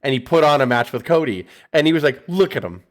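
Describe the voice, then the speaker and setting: A man in his forties from the United States, talking in casual podcast chat in a rambling, swearing, animated way. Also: mid-range voice, fast. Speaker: podcast co-host.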